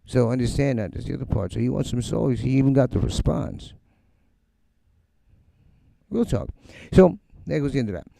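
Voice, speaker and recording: A middle-aged man talks loosely and profanely on his music livestream, blunt and animated as he mocks other people's takes. His voice is deep-toned and heavily gravelly with lots of fry. The sound is close and dry, with little room around it. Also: normal speed, long pauses, no echo. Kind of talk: casual live-stream rant. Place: home studio.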